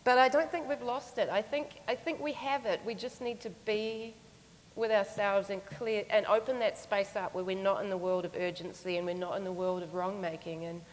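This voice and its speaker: A woman at a conference mic tells a personal story in an earnest, reflective way. Her voice sits at a middle pitch and carries a long reverb from a large hall. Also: fairly even intonation, normal speed. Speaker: conference speaker. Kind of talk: storytelling keynote talk.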